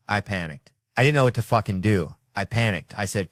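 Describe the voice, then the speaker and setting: A man with a fairly low voice tells stand-up stories, swearing and jumping into the voices of the people in them. The sound is dry and close, with almost no room around it. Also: a little fast, hardly any pauses, no echo. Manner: loud, swearing, acting out characters. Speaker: comedian. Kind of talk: stand-up storytelling.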